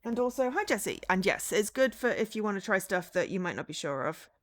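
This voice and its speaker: A woman's voice: mid-range voice, big pitch swings, a little fast. A woman game streamer chatting casually with her viewers, rambling with lots of fillers and easy laughs. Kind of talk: casual gameplay chat.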